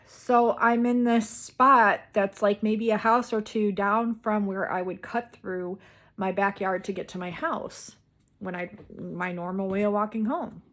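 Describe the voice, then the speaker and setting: A woman's voice: medium pitch, fairly even intonation, a little slow, a bit bright. A woman vlogger casually telling a personal story, rambling with many "like"s and restarts.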